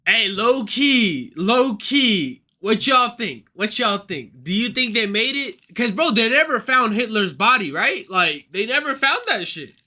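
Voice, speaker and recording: A male streamer ranting casually on a livestream, profane and excitable, rambling from one thought to the next. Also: high-pitched, unhurried, hardly any pauses.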